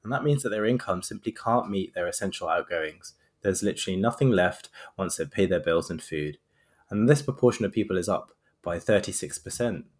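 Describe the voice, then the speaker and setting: A man's voice: low voice, lively intonation, brisk. A man in his thirties hosting a podcast, chatting casually and sarcastically with lots of rambling asides. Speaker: podcast host.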